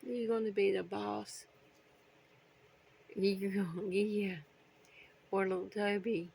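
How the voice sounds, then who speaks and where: A middle-aged woman, a bird owner, chatting casually to her pet birds in cooing baby talk with soft whispered asides. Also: medium pitch, flat delivery, slow, gravelly, breathy edge.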